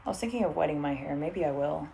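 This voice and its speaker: A woman's voice: deep voice, animated, quick pace, gravelly, dark tone, a little hiss or hum. A young woman in casual livestream chat at home, swearing freely and reading out viewer comments while braiding her hair. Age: young adult. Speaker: streamer. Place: living room at home.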